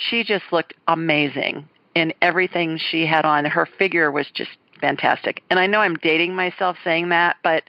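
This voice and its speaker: A woman's voice: low voice, no echo, highs cut off. A middle-aged woman from the US South hosting a call-in show, chatting enthusiastically about her week. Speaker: host. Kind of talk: casual chat.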